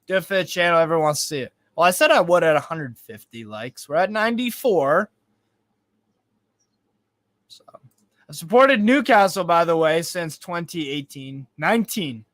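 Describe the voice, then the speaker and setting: A man's voice: fairly high pitch, lively intonation, moderate pace, a bit bright, no room sound. A young man hosting a live football watchalong, chatting casually and rambling with frequent swearing. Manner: rambling, swears freely, reads out chat. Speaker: football fan livestream host.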